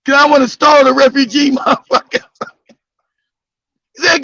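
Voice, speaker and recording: A man telling a crude story in loud, casual, profane talk, laughing and breaking into shouts. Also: very high voice, little pitch movement, normal speed, long pauses. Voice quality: gravelly. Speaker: podcast host telling a story. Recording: dull lo-fi dry sound.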